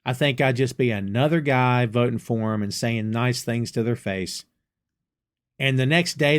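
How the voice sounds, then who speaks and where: A man's voice: mid-range voice, moderate pace. A middle-aged man from the United States hosting a solo podcast, talking straight to his listeners in a folksy, exasperated way. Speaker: podcast host. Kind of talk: solo political commentary podcast.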